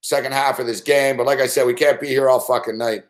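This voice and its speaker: A man with a mid-range, steady voice talks at a quick pace while hosting a late-night sports betting show. It's a live-stream rant: he rambles casually and swears constantly.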